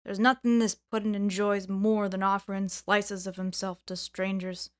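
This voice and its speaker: A blunt, good-natured man talks in a plain, matter-of-fact way, read by a woman. His voice sits at an everyday pitch, friendly and direct, from a storybook reading. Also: level tone, moderate pace, close to an everyday voice. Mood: hearty.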